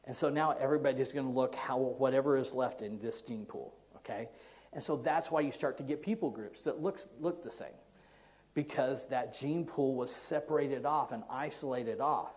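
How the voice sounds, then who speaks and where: A man's voice: mid-range voice, moderate pace, darkish tone. An American man answering audience questions in a casual, rambling talk, chuckling now and then. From United States. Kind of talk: live Q&A talk.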